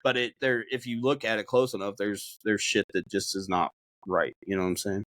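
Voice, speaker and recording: A man's voice: fairly low pitch, fairly even intonation, brisk, fairly bright tone, no echo. Man, podcast host, rambling casual talk, lots of swearing, dry close sound. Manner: rambling, heavily profane. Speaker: podcast host and game streamer.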